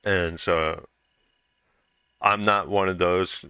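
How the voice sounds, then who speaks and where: A man's voice: deep voice, steady tone, takes it slowly, bright, forceful tone, smooth, no echo. A young man chatting casually while streaming a game, rambling through a story with lots of fillers and restarts.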